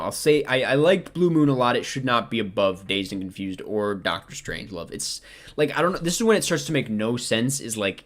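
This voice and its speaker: A young man talking casually to camera, rambling and second-guessing himself with many ums while he ranks films. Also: mid-range voice. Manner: rambling, self-questioning, frequent ums. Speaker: film vlogger ranking movies. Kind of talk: casual chat.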